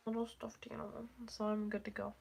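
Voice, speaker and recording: A woman's voice: medium pitch, completely flat delivery, fairly quick, gravelly, a little mellow, breathy edge. A teenage girl with a stuffy, congested nose, rambling casually on a live stream, full of "like" and casual swearing.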